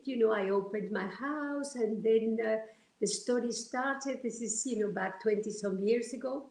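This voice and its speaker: A woman from Argentina, sharing personal stories as a guest in a heartfelt, animated way. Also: mid-range voice. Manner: heartfelt, animated, many restarts. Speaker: interview guest. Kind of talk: personal storytelling. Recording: roomy echo.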